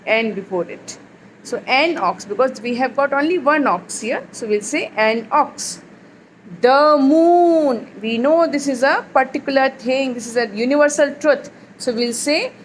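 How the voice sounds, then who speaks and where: A woman's voice: sits high, a little hiss or hum, poor audio. A woman teacher, leading a phonics lesson for young children and drawing out the letter sounds in a sing-song way.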